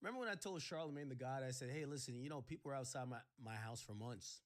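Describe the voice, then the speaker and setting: A man hosting a livestream, ranting sarcastically in casual chat and breaking into shouts. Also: medium pitch, fast. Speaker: livestream host.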